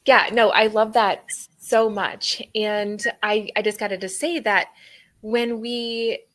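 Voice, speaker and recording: An earnest woman hosts a faith-based podcast conversation at a middle pitch. She talks in an animated way, with casual fillers along the way. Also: slow pace. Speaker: podcast host.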